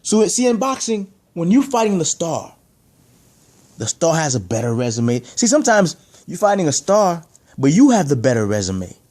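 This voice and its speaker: With a high-sitting voice and darkish tone, this boxing commentator goes on a fiery, opinionated rant to camera. He keeps firing rhetorical questions and restating his arguments with emphasis.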